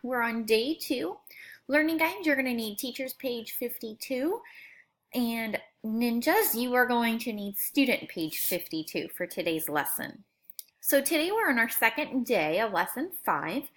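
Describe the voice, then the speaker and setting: A woman teaching a phonics lesson to young students, sounding out words slowly and clearly in a friendly, coaxing way. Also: a little high, animated, a bit bright. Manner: slow, clear, exaggerated sound-outs.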